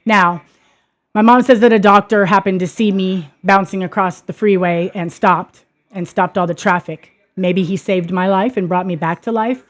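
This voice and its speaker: With a medium-pitched voice, a steady tone, and a moderate pace, a podcast host tells a personal story on her own show. Her testimony monologue begins earnestly and turns emphatic and heated.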